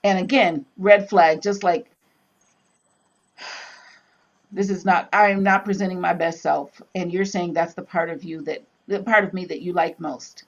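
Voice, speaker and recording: Animated woman telling stories in a chat. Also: fairly low pitch, measured pace, muffled recording. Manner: animated storyteller, acts out quotes in voices. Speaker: Bible study co-host. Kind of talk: casual chat.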